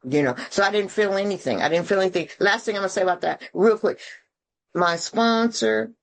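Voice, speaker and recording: This woman from Atlanta, speaking over a video call at a recovery meeting, has a brisk mid-range voice with vocal fry. She comes across blunt, earthy and preachy, using folksy slang and swearing.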